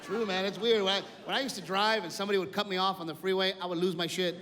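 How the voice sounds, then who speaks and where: Profane man doing stand-up, high voice. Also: fairly even intonation, rapid-fire, pushed and bright. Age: adult, older than in youth. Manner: profane, storytelling. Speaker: stand-up comedian. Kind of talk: stand-up comedy. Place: live comedy stage. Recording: live club, reverb and crowd.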